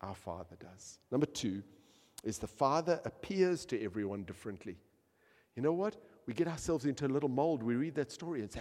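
A man preaching a sermon, swinging from hushed, quiet lines to loud, emphatic peaks. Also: mid-range voice, expressive, fairly quick. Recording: long hall reverb.

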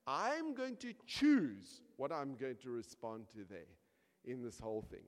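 A man's voice: mid-range voice, unhurried. A man preaching a sermon as a pastor, telling stories with acted-out quotes and building emphasis. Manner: animated storytelling with acted quotes and rising emphasis. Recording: long hall reverb.

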